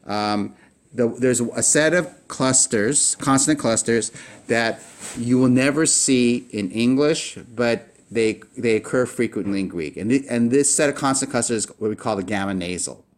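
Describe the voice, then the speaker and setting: A man teaching a recorded language lesson, explaining patiently with many fillers and restarts and slowing down to sound out each word carefully. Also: medium pitch. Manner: slows down to sound out words carefully.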